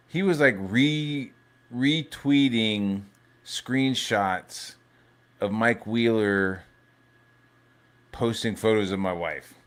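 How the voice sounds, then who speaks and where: A man hosting a live stream in a casual, rambling rant. His voice sits on the low side, and he swears freely and jumps between thoughts. He often restarts his sentences. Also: clean tone. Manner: profane, rambling, animated. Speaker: livestream host.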